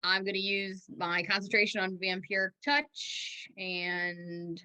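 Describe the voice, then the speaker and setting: Slow-talking bright-voiced woman player. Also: mid-range voice, clear, resonant tone, poor audio. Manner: drawn-out, laughs easily. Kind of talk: tabletop game chat.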